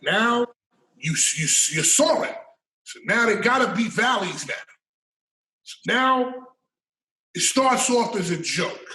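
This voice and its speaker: A man's voice: high voice, lively intonation, measured pace, pauses often, pushed and bright, recorded from a distance. A man as a podcast guest, telling stories in a casual interview, emphatic and profane, often repeating words as he builds a point. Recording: roomy and off-mic.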